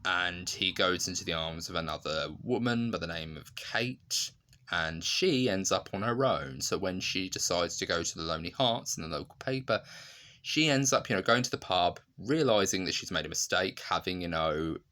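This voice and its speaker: A man's voice: low voice, animated, normal speed, sharp tone. A man giving a casual, chatty review of a TV sitcom, retelling scenes with lots of fillers and laughter.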